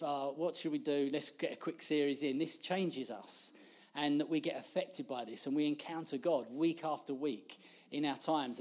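A man, preaching an informal sermon in a chatty, self-deprecating way and laughing through his asides. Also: fairly high pitch. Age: 50s.

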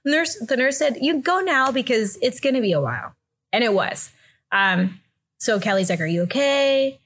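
A young woman chatting casually and telling a long story with a slightly raised voice. She talks in a lively, animated way and jumps into the voices of the people she quotes. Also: moderate pace, a little hiss or hum. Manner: animated, acts out voices with big pitch jumps, laughs often. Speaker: guest telling a birth story.

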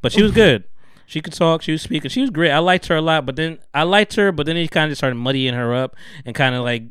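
A man's voice: a little high, fast talker, clear, resonant tone, no room sound, studio quality. An American man hosting a podcast, telling a story in casual, profane chat and acting out what people said. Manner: profane, animated storytelling, acts out quotes. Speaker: podcast host.

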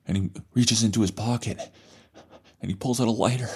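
Low-voiced, profane podcast host. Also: male voice, fairly quick, husky. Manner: profane, animated retelling with restarts. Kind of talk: casual storytelling chat.

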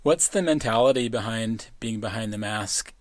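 Measured male interviewer, dry close sound. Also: on the low side, no room sound. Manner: measured, reads quotes aloud. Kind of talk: podcast interview.

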